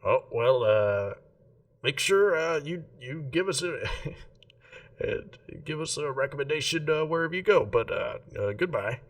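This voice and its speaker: A man voicing a loud, boisterous male gnome weaponsmith who haggles over a sword in a tabletop game. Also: expressive, unhurried, recorded from a distance. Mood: hearty. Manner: booming, haggling, incredulous. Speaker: shopkeeper.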